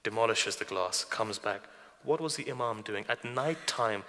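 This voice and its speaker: A man's voice: on the low side, normal speed, bright, forceful tone. A man giving a sermon, retelling religious traditions with quoted dialogue and asking his listeners direct questions. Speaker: preacher. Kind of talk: sermon storytelling. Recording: long hall reverb.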